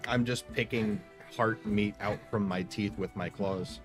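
Deadpan tabletop player. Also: sits low, a little slow, faint music behind. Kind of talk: in-character tabletop play.

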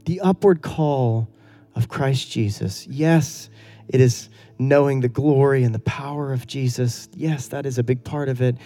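A man's voice: mid-range voice, unhurried, mellow, soft background music. A middle-aged male pastor delivering an earnest, conversational sermon full of rhetorical questions.

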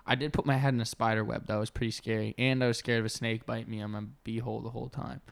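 A man's voice: mid-range voice, level tone, racing, vocal fry. A man co-hosting a comedy podcast, chatting casually with crude jokes and reading out odd news stories. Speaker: podcast co-host.

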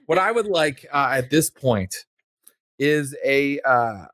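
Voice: medium pitch, animated, takes it slowly, fairly bright tone, no room sound. Storyteller, tabletop game, hesitant narration, many fillers, dry recording.

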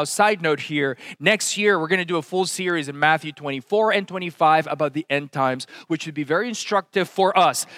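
A man preaching a sermon, swinging from loud exclamations to hushed, intense asides. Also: sits high, no echo, studio quality. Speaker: pastor.

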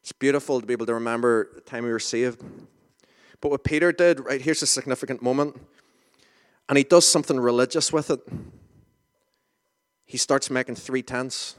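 A man's voice: mid-range voice, normal speed, pauses often, clear, resonant tone. A man preaching an informal sermon in a conversational, self-deprecating way, with asides and restarts. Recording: reverberant hall.

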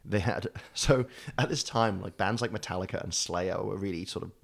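A man with a low voice telling a story in casual chat, rambling, swearing freely and laughing often. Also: moderate pace, gravelly. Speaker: podcast co-host telling a story.

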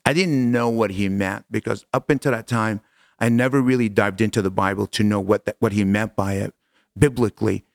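Middle-aged man, lowish voice, dry sound. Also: fairly quick, creaky, no room sound. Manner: animated, acts out quoted dialogue, casual slang. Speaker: guest. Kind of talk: personal storytelling in an interview.

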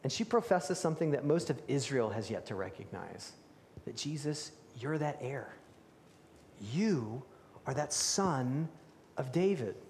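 Preacher in an echoing hall. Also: male voice, mid-range voice, unhurried, creaky, slight background noise. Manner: storytelling preacher, animated, drops to hushed tones for emphasis. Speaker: pastor. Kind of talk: sermon. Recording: reverberant hall.

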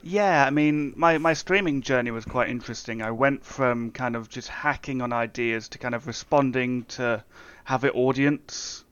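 A man, a software developer guest, explaining his work in a relaxed, chatty way with plenty of fillers. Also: mid-range voice, moderate pace, smooth, no room sound. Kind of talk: casual interview chat. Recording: dull, dry, lo-fi sound.

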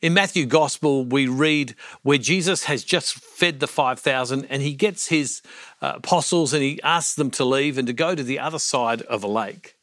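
A man's voice: medium pitch, moderate pace, fairly bright tone, no echo, clean studio sound. A man preaching a reflection on a Gospel passage, earnest, asking his listeners questions as he goes. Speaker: Catholic speaker.

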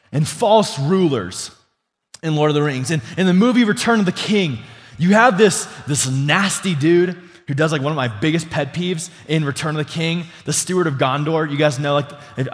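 Youthful pastor preaching in a reverberant hall. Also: male voice, on the high side. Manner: casual, filler-heavy preaching with lots of "like" and restarts; asks the congregation questions and calls for responses. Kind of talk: sermon. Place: church sanctuary before a congregation.

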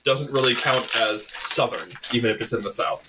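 A man from the Atlanta suburbs chats at a game table in a casual, dry-humored way. His voice sits at a middling pitch, and he delivers his jokes flatly. A noisy recording hisses underneath. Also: moderate pace. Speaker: player. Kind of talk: casual chat between game turns.

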